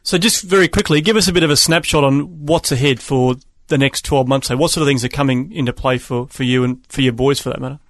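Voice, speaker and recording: Fast-talking male interviewer. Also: mid-range voice, dry recording, studio quality.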